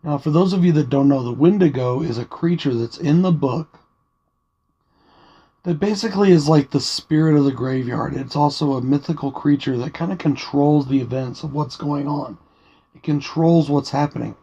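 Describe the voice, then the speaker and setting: Soft-spoken man with a gravelly husky voice. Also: on the high side, moderate pace, muffled recording. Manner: soft-spoken and quiet, rambling musings. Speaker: movie reviewer. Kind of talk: casual video review. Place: home at night, dim room.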